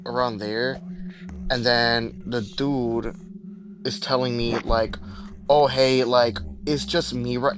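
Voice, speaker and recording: A young man tells a rambling story-time tale, packed with fillers and curses, and now and then cuts off to react to a horror game. His voice sits at an everyday middle pitch. Clear background noise runs under the whole recording. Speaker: gaming channel host.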